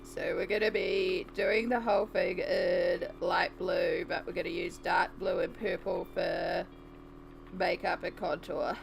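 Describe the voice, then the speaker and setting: Giggly, gravelly-voiced woman streamer. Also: lowish voice, sing-song, a little slow, noisy background. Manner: giggly and self-deprecating, talks to chat. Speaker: art streamer. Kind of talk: casual live-stream chat while colouring.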